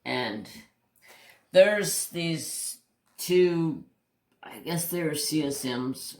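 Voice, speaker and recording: Working at his craft table, a man who hosts a crafting channel rambles through stories in a relaxed, candid way, swearing mildly and frequently starting sentences over. His voice is fairly high and expressive, and he speaks extremely slowly with long pauses. The recording has a roomy echo.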